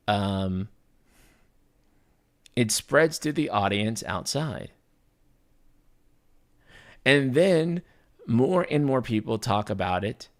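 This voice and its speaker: A man live streaming, chatting casually with his viewers, rambling and often restarting his sentences. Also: mid-range voice. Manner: casual, swears, talks to chat.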